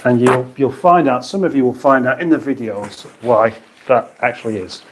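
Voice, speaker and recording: A man's voice: mid-range voice, moderate pace, background noise. A British man hosting a casual livestream, reading viewers' comments aloud and answering them with dry, rambling banter. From United Kingdom. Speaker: livestream host.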